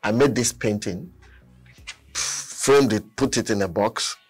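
A man, a guest artist, telling a story in casual chat, animated and laughing often as he acts out quotes. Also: lowish voice, takes it slowly, soft background music. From Nigeria.

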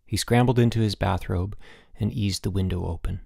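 A man reading a children's novel aloud as an audiobook narrator, steady and clear. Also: sits low, a little fast, no room sound, clean studio sound. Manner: steady storytelling with voiced dialogue. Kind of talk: scripted narration.

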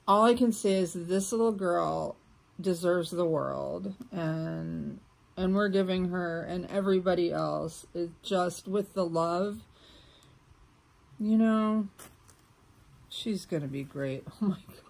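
A woman, chatting warmly through an unboxing and getting emotional, sometimes dropping to soft whispers. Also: fairly low pitch, takes it slowly, creaky. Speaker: vlogger opening mail. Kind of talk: casual unboxing chat.

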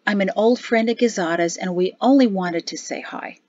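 A woman's voice: medium pitch, moderate pace, darkish tone, dry recording, muffled recording, natural voice. A woman voicing a plainspoken colonel who talks with dry exasperation, in a storybook reading. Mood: exasperated.

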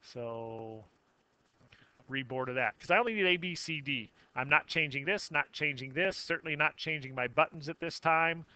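A man teaching a math software tutorial, narrating each click step by step with casual self-corrections. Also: fairly high pitch, moderate pace, smooth, no room sound. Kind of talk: screen-recorded software tutorial.

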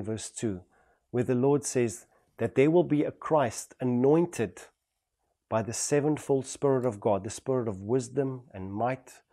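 A man's voice: mid-range voice, warm tone. A man with a South African accent preaching a sermon as pastor, building emphatic rhetorical repetitions. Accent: South African English.

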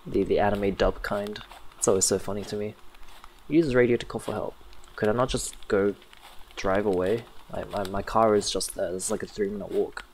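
A man with a lowish voice gives wry, jokey commentary as he plays through a horror game. A faint hiss of noise sits under him. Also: fairly even intonation, normal speed, a little mellow, low-quality recording. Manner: sarcastic, jokey asides. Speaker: gaming youtuber.

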